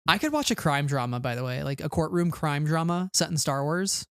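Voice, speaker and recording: A man's voice: a little high, lively intonation, brisk, fairly bright tone, clean tone, no room sound, studio quality. A man co-hosting a podcast in casual chat, thoughtful and earnest, sometimes hesitating over his words. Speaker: podcast co-host.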